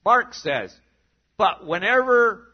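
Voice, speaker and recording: Animated high-voiced male preacher. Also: slow, lo-fi sound. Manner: animated preaching, drops to a hushed voice for emphasis. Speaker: pastor. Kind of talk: sermon.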